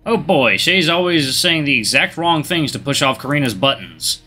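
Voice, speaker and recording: Animated man hosting a let's play. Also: fairly high pitch, normal speed, few pauses, faint music behind. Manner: animated, reads story narration aloud. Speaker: gaming channel host.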